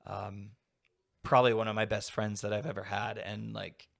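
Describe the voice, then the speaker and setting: Young man, podcast guest, somewhat low voice, loose rambling chat, lots of filler words. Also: little pitch movement, moderate pace, vocal fry. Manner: rambling, heavy use of "like" fillers. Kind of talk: casual conversation.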